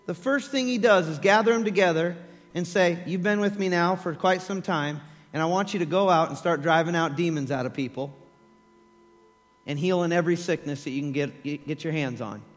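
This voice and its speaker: A man preaching a sermon, telling scripture stories with animated acted-out voices and laughter. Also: a little high, moderate pace, in a large hall.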